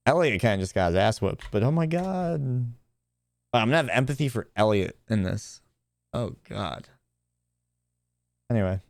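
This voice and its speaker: A man's voice: medium pitch, expressive, a little slow, long pauses, no echo. A man streaming a game, chatting casually and joking between reading the story lines aloud. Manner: reads lines in playful character voices.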